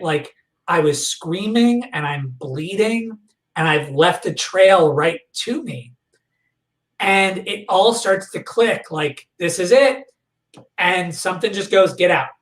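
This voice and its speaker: A man guest on a podcast, recounting a personal memory in a halting way, full of fillers and restarts. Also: fairly high pitch, a bit bright. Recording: echoey room, voice far from the mic.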